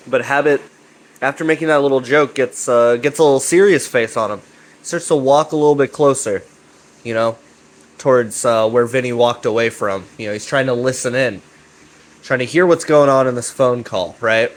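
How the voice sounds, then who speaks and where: A man's voice: medium pitch, normal speed, low-quality recording. A man recapping a web series in a casual rambling way, swearing often and leaning on fillers like "you know" and "right". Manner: profane, filler-heavy, chummy.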